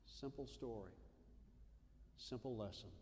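Animated preacher in a reverberant hall. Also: male voice, medium pitch, a little slow, a little hiss or hum. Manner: animated storyteller, acts out voices in quotes. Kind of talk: sermon with storytelling.

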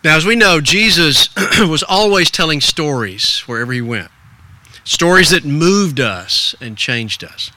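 Older male pastor preaching with a lively, swinging delivery and a bright, dry sound. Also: fairly high pitch, measured pace, no echo. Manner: earnest and storytelling, swinging between soft hushes and stirring emphasis. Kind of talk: sermon.

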